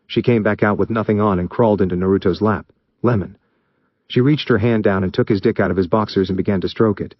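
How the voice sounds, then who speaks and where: A man reading fan fiction aloud in steady, even narration. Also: on the low side, fast talker, no room sound, highs cut off. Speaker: story reader.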